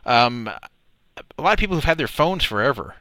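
A man's voice: mid-range voice, expressive, a little fast, sharp tone, dry recording. A man hosting a casual talk show, stammering and cautious as he talks things through. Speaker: podcast host.

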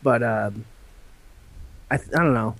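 A man's voice: medium pitch, measured pace, vocal fry, no echo. A man co-hosting a casual chat, laid-back and casually swearing as he talks.

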